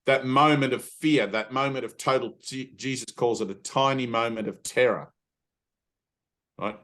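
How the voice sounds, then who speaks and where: Emphatic middle-aged male spiritual teacher, casual and blunt, mid-pitched voice. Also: normal speed, fairly bright tone. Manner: earnest, emphatic, swears casually; frequent "right?" tag questions. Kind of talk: satsang teaching talk.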